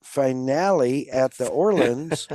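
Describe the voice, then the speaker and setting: A man's voice: mid-range voice, slow pace, warm tone, dry recording. A man hosting a casual podcast, rambling along with many fillers as he runs through plans and thanks sponsors. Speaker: podcast host.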